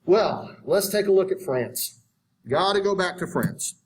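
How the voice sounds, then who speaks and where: A man giving a history lecture in an animated, conversational way, acting out historical viewpoints. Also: sits high, a little slow, slight background noise. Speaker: history teacher. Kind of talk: classroom lecture.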